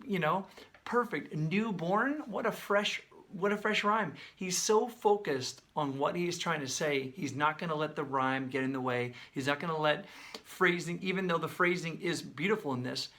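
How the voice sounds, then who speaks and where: A man breaking down a song's lyrics in casual, animated video commentary, sometimes singing and beatboxing snippets. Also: fairly high pitch, normal speed. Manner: animated, talks with his hands, sings and beatboxes snippets; conversational, many fillers. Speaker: songwriter breaking down a song.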